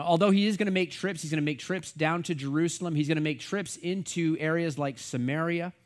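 A middle-aged man from the United States, a pastor teaching the Bible in a casual, rambling way full of fillers and asides. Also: fairly high pitch.

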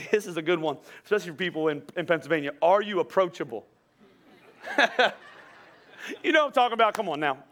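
A man's voice: high-pitched, lively intonation, a little fast, pauses often, fairly bright tone. A pastor giving a casual, conversational sermon, joking, laughing often and repeating words as he talks.

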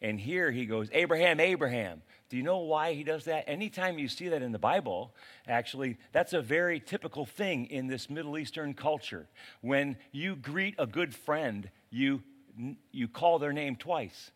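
A man preaching a sermon as a pastor, in a casual, animated way with slang. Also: on the high side, normal speed.

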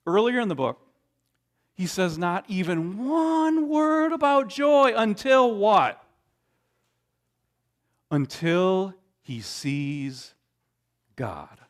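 A man preaching a sermon, emphatic, with dramatic pauses and frequent restarts. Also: high-pitched, lively intonation. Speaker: pastor.

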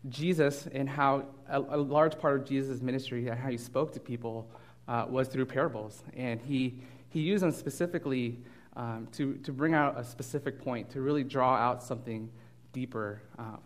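A man giving a sermon as a guest preacher. He talks in a loose, conversational way, full of ums and restarts, and gets lively while telling stories. His voice has an ordinary, mid pitch. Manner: casual and animated, with frequent fillers and restarts. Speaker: guest pastor.

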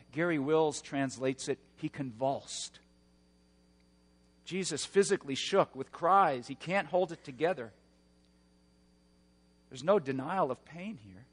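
Dynamic male preacher, fairly high voice. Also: long reverb tail. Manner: dynamic preaching, swings from hushed to shouting. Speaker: pastor. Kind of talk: sermon.

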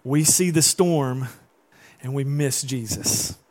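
A man's voice: mid-range voice, slow pace, darkish tone. A male pastor preaching a sermon, moving between rising emphatic passages and conversational asides to the church.

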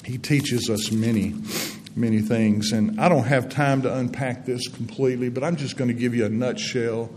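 A man's voice: medium pitch, fairly even intonation, normal speed. A man in his sixties, a guest speaker giving a folksy, earnest testimony in a church setting. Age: 60s. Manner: folksy storytelling, gentle and earnest. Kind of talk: testimony-style sermon. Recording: long reverb in a hall, faint background noise.

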